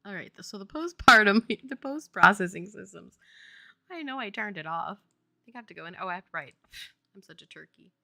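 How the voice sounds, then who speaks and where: A woman's voice: mid-range voice, lively intonation, fairly quick, vocal fry, sharp tone, dry recording. A woman from Louisiana, a game developer chatting casually on a stream, rambling and laughing often. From Louisiana, US Southern. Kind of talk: casual chat on a dev stream.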